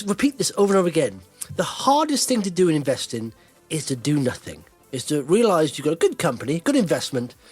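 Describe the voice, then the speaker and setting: A man hosting a casual podcast, animated and teasing, talking in fits and starts. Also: fairly high pitch, husky. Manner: animated, teasing, self-interrupting. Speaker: podcast host.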